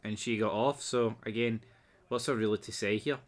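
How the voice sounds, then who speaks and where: A man's voice: on the low side, fairly even intonation, moderate pace. A man giving a casual episode recap and review, blunt, sarcastic and sweary.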